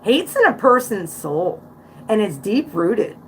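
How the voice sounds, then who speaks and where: A woman in her forties with a Central Pennsylvania accent hosts a casual livestream, reacting to music bluntly and outspokenly with preachy asides. Her mid-range voice is very animated and slow, with slight background noise behind it.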